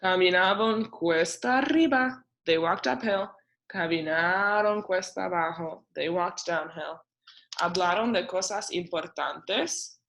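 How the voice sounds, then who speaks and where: A woman teacher reading a picture book aloud, narrating in a slow, expressive storytelling way. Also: on the low side.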